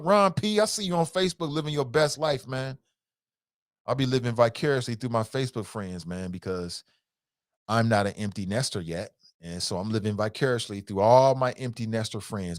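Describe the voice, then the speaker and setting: A middle-aged man hosting a talk show, reading viewer comments and answering them in an animated, emphatic way. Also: medium pitch, dry recording, studio quality. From United States. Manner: animated, emphatic, drawn-out repetitions. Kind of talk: casual live-stream talk.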